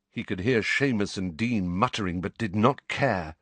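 A man reading a novel aloud as an audiobook narrator, with dramatic, expressive storytelling. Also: on the low side, moderate pace, few pauses, no room sound. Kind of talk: scripted narration.

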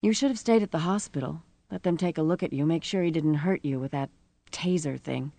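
A woman voicing a battered adult woman who is crying, shrill and furious. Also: brisk, vocal fry, dark tone, no echo. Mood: worried. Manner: sobbing, shrill, furious outbursts.

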